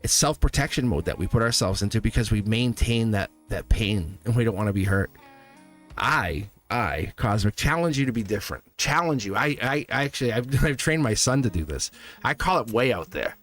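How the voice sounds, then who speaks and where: A chatty tarot reader hosts a casual livestream from his own studio, with faint music playing behind him. His lowish, slightly bright voice swings widely in pitch as he talks fairly quickly, rambling and laughing often.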